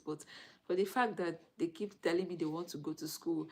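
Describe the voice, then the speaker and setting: A woman's voice: lowish voice, fairly even intonation, a little fast, vocal fry, low-quality recording. A Nigerian woman, a mother in her thirties, chatting casually on a live stream, greeting viewers and laughing often.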